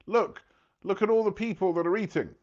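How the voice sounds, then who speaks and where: Guy doing a panicky restaurant owner, high whiny begging, muffled lo-fi audio. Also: a little fast, a little mellow, close to an everyday voice.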